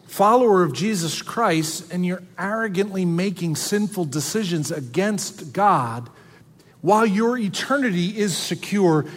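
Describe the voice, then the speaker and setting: Guy preaching, earnest and dramatic, goes quiet for effect, kinda high voice, big echoey church hall. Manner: earnest, dramatic preaching with sudden soft drops. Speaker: pastor. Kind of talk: sermon.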